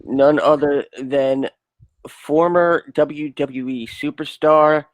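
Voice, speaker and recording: A man co-hosting a casual interview show, jokey and quick to laugh. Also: a little high, fairly even intonation, dry recording, rough recording. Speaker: co-host. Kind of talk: casual podcast chat.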